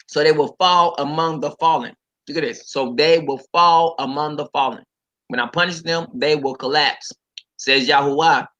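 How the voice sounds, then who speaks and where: A man preaching on a livestream in a fairly high, tense and forceful voice. He talks straight to his viewers, hammers points home by repeating them, and breaks off to read scripture aloud and comment on it. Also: moderate pace, dull audio.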